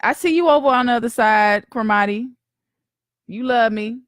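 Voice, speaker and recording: A woman's voice: on the high side, moderate pace, no echo, studio quality. A woman podcast host in casual live-stream chat, slangy and talkative, greeting viewers by name.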